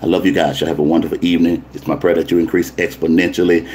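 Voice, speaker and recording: A man's voice: low-pitched, flat delivery, very fast, few pauses, a little mellow, slight background noise. A male pastor, signing off a casual livestream and teasing viewers in the chat. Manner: playful, teasing, talks to chat comments.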